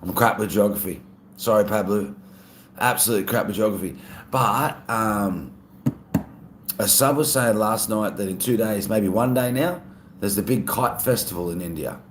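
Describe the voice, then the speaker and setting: A man's voice: fairly low pitch, normal speed, reverberant, a little hiss or hum. A man with an Australian accent, chatting casually on a live stream and reading out viewer comments. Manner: relaxed, chatty, laughs often.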